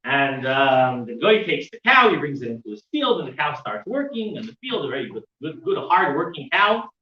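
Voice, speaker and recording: Male class teacher, animated storyteller, lively pitch, dull distant room recording. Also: moderate pace, slight background noise. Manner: animated storytelling with fillers and restarts. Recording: roomy, dull sound from a distant mic.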